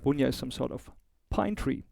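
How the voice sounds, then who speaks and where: German-accented man, gravelly dark voice. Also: mid-range voice, lively intonation, normal speed, no room sound. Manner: chatty, informal, with small asides and fillers. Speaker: host of a guitar review show. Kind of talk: casual gear review.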